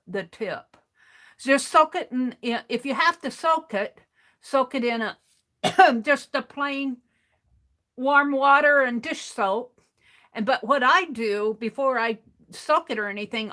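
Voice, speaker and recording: A woman's voice: fairly high pitch, a bit bright. A woman hosting a craft livestream, explaining how to clean a paint bottle in a rambling way, restarting her sentences as she works with her hands.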